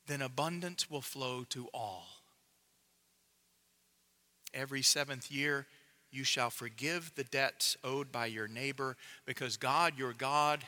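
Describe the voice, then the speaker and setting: A man preaching a sermon in a measured, emphatic way, dropping to a hush to drive points home. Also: medium pitch.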